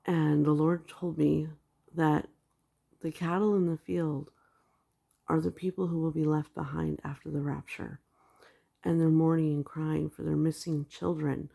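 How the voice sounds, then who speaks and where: A woman's voice: low voice, little pitch movement, measured pace, creaky, dark tone. A woman casually retelling her dreams in a religious vlog, rambling with lots of "like" fillers. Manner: rambling storytelling with many "like" fillers. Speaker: video blogger sharing dreams.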